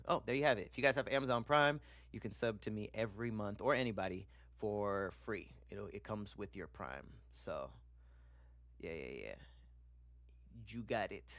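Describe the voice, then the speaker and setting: A man's voice: fairly low pitch, dry recording. A man streaming casually, chatting loosely with slang and swearing while he reacts to videos and reads viewer comments.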